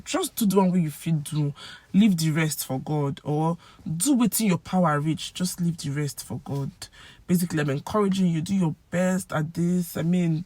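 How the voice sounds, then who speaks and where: A woman with a Nigerian accent giving a casual language lesson, acting out example phrases with lively swings in pitch and loudness. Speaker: language teacher.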